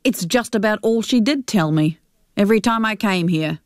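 A woman reading a short story aloud as narrator, in a measured, steady way. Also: mid-range voice, no echo, clean studio sound.

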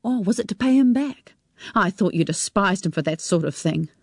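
A woman's voice: mid-range voice, lively intonation, normal speed, vocal fry, dry recording, clean studio sound. A woman voicing a resentful teenage son who speaks in curt, bitter retorts. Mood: angry.

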